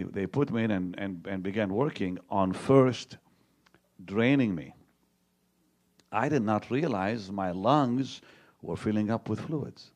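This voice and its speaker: A middle-aged male pastor telling his own story to a live congregation, halting and repeating words, dropping to a hushed tone when he retells what was said to him. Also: lowish voice. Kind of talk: testimony preached to a live audience.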